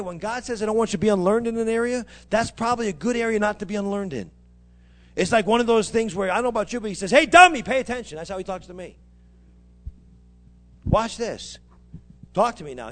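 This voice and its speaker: Fervent preacher, high voice. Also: male voice. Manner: fervent, call-and-response preaching. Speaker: pastor. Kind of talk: sermon.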